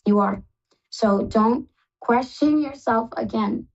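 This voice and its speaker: A woman's voice: fairly high pitch, slow, creaky, a little mellow, muffled recording. Effusive woman psychic host. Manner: effusive, tearful, calls everyone love. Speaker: psychic reader hosting a call-in show. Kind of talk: live call-in psychic reading.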